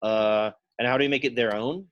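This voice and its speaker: A man's voice: medium pitch, steady tone, brisk, lo-fi sound, background noise. A man teaching a Latin class, casually quizzing students by name and thinking aloud as he works through sentences in a classroom. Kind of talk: classroom lesson.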